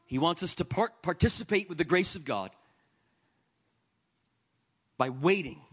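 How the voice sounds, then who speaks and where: Earnest conversational male preacher, higher voice. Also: lively intonation, unhurried, breathy edge. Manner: conversational and earnest, with swings between soft and emphatic. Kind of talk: sermon.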